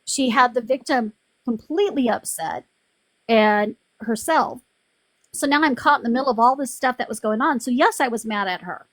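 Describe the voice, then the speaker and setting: A frustrated woman rambles through a casual livestream, her voice pitched a little high. She talks in a dry, close sound with no room around it, circling back and restarting as she goes. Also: normal speed, a bit bright, dry recording. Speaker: livestream host. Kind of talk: casual live-stream venting.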